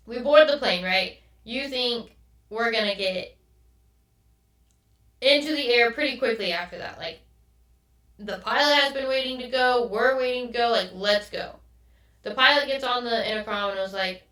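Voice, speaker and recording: A woman's voice: fairly high pitch, moderate pace, sharp tone. Exasperated swearing woman podcaster. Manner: exasperated, swears a lot, quotes others mid-story. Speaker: podcast host. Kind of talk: casual storytelling rant. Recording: echoey room, mic at a distance.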